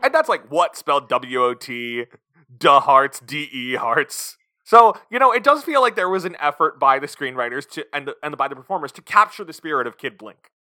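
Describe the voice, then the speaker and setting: An energetic man walks his friends through some history in a casual chat. His voice is bright and forceful, pitched a little high, and recorded close and dry. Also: a little fast, hardly any pauses, no room sound, faint music behind. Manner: explanatory, energetic. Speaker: podcast host.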